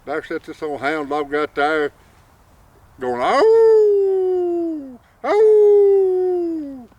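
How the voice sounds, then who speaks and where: A man's voice: fairly high pitch, steady tone, slow, a bit bright, no echo, highs cut off. A man telling a folk tale in a folksy drawl. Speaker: storyteller. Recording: distant mic, faint outdoor noise.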